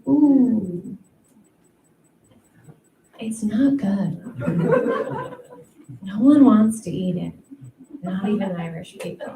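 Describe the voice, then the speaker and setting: Slow, chatty woman doing stand-up in an echoey room. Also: medium pitch. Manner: chatty, self-deprecating, many ums and likes. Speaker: stand-up comedian. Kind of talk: stand-up comedy set. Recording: echoey room, mic at a distance, faint noise.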